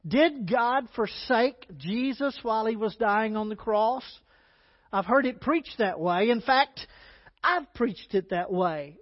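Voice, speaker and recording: Male pastor, high-pitched, unhurried emphatic sermon delivery, dry lo-fi recording. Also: dry recording. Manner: deliberate, emphatic preaching with scripture readings.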